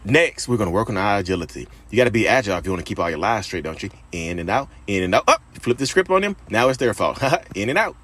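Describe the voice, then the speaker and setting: Man voicing a smug narcissist, workout tutorial, comedic sketch, fast, mocking sing-song patter. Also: lowish voice, sing-song, a bit bright. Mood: smug instructor. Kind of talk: comedic short video sketch.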